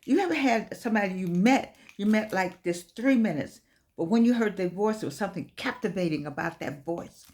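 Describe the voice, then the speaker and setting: An older woman gives an inspirational talk with the rhythm of a preacher. She repeats key phrases and tells stories with animated energy. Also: medium pitch, a little fast. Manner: animated preacher-like storytelling with repetition. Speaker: host.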